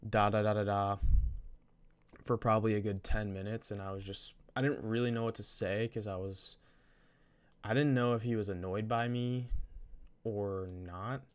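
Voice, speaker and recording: Low-voiced young man telling a story. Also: steady tone, moderate pace. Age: young adult. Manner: rambling, with many restarts and slang. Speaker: vlogger. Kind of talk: casual storytime.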